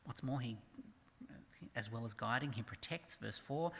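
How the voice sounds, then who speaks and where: A preacher with a mid-range voice delivers a forceful sermon in church, with the sound of a big room around him. His delivery shifts from loud pronouncements to near-whispers, and scripture passages are read softly and slowly.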